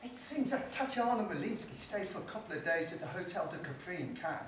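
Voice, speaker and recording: A man's voice: sits high, expressive, fast talker. An older man playing a sly old actor who poses as a Frenchman, chuckling and bluffing his way through, on an amateur stage. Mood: eager. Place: theatre stage. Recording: echoey hall, far-off mic, noise.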